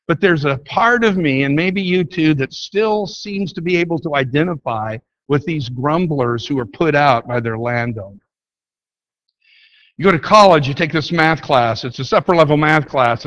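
A man preaching a sermon, telling a story and acting out the lines of the people in it. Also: fairly high pitch. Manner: storytelling, acts out dialogue, animated. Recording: dull lo-fi recording.

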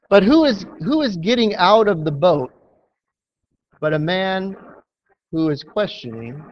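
A man's voice: sits high, lively intonation, unhurried, long pauses. A man preaching a sermon, telling a Bible story with emphasis and acting out quotes. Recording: dull lo-fi sound.

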